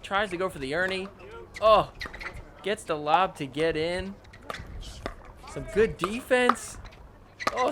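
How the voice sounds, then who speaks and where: High-voiced man hyping up match clips. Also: noisy background. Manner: excitable, joking, swears freely. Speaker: podcast host. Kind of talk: recap commentary over match clips.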